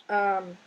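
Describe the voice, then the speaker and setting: In a recorded lesson, a Spanish teacher explains things step by step with slow patience, checking in with "right?" again and again. She has a mid-range, slightly mellow and slightly rough voice, and the recording quality is low.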